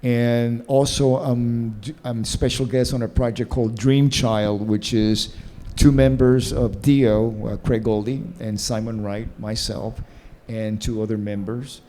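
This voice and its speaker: A man's voice: medium pitch, little pitch movement, a little slow, mellow, slight background noise. A man in his sixties from Cuba with a Cuban-New Jersey accent, chatting and telling stories as a guest on a convention panel. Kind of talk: casual storytelling on a convention panel.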